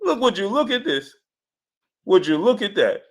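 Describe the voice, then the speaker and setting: A man's voice: sits high, normal speed. A man hosting a live sports stream, reacting with disbelief, repeating himself and reading out viewer chat messages. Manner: animated, incredulous, repeats phrases. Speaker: sports channel host. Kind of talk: live-stream commentary reading super chats.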